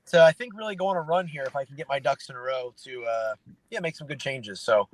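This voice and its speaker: A man's voice: medium pitch, quick pace, no echo, poor audio. A man in his late twenties, a guest fighter telling easygoing stories in a casual interview chat. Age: late 20s. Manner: relaxed storytelling with fillers.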